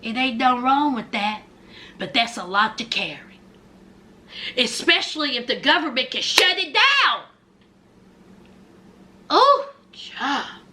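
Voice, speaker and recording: A woman's voice: sits high, very animated, slow pace, pauses often, sharp tone. A woman giving a casual, sassy recap commentary, dramatically acting out what people said. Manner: sassy, dramatic, acts out quotes.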